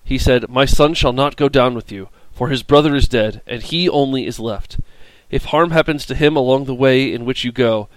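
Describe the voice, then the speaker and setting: A man's voice: mid-range voice, moderate pace, hardly any pauses, no echo, close to an everyday voice, rough recording. A man reading the sorrowful lament of a grieving old father, in a dry recording. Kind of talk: scripted scripture reading.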